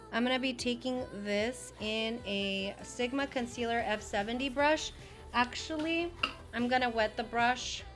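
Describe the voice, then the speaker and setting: Woman beauty vlogger, slightly high voice, chatty tutorial tone, faint music underneath. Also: fairly bright tone. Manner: chatty, gushing, full of fillers. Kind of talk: casual makeup tutorial chat.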